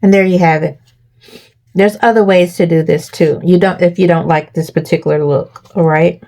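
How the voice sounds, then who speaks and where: A woman's voice: on the low side, fairly even intonation, normal speed, mellow. A woman hosting a crafting tutorial, walking viewers through each step and checking in with them often.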